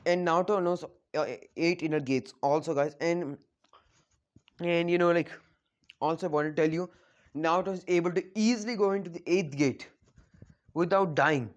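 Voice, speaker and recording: A man's voice: a little high, normal speed, long pauses, dull audio. A man casually retelling a fan-made story, rambling with lots of fillers. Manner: rambling, full of fillers like "like" and "you know".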